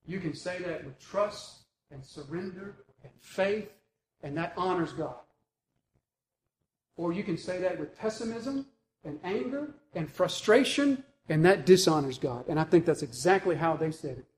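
A man preaching a sermon as pastor, animated and emphatic, with rhetorical questions. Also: high voice, moderate pace, rough recording.

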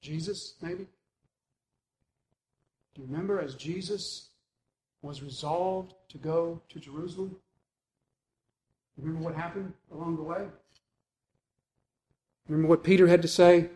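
A man preaching a sermon as pastor, animated and emphatic, with rhetorical questions. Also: a little high, normal speed, long pauses, low-quality recording.

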